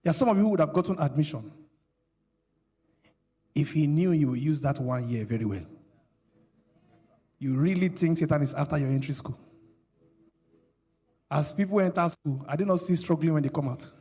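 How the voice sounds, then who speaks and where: A man's voice: fairly high pitch, moderate pace, long pauses, warm tone, slightly rough. A middle-aged male pastor, preaching a sermon with call-and-response questions to the congregation.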